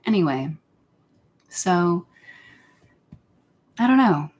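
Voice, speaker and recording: A woman's voice: lowish voice, lively intonation, slow pace, pauses often. A woman vlogger talking in a casual, meandering way, giggling often between phrases. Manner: meandering, with many fillers and restarts. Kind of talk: casual rambling monologue.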